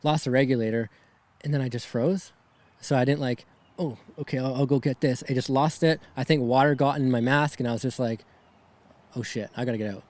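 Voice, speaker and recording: A man's voice: medium pitch, fairly even intonation, fairly quick, darkish tone. A young man, a podcast guest, telling a personal story in a rambling way, shaken and close to tears, often adding "right?" and "man".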